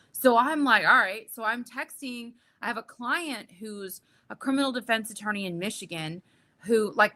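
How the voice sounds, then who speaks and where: A young adult woman telling a story in casual podcast chat, animated and profane, acting out what people said. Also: on the high side. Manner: animated, profane, acts out quotes.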